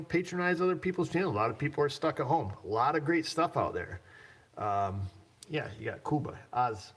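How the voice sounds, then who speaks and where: A man's voice: fairly low pitch, fairly bright tone. A man hosting a livestream as a mechanic, talking in a loose, jokey, rambling way and chuckling often. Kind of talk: casual livestream chat.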